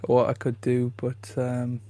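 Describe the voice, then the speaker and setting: Male co-host, mid-pitch, giggly and self-deprecating, stumbling restarts; dry close mic. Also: completely flat delivery, slow, mellow, dry recording. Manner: self-deprecating, laughs often, stammering restarts. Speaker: podcast co-host. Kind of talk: casual comedy chat.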